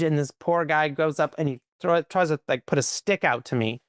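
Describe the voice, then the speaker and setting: A man, a podcast guest, telling stories in a lively conversational way, full of "like" and "right?". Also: on the high side, clean tone, dry recording, clean studio sound. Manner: animated, quick, peppered with "like" and "right?". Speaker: podcast guest, company leader. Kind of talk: conversational storytelling.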